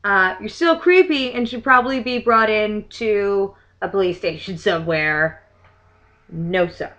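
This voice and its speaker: A woman's voice: fairly high pitch, a bit bright, dull audio. A young woman vlogger in a casual chat, reading limericks aloud in a theatrical sing-song way and dropping to muttered asides between them.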